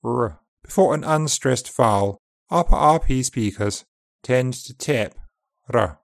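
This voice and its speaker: A man with a British accent teaching pronunciation, slowly and carefully sounding out model phrases. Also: medium pitch, gravelly, dry recording, studio quality. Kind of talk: scripted pronunciation lesson.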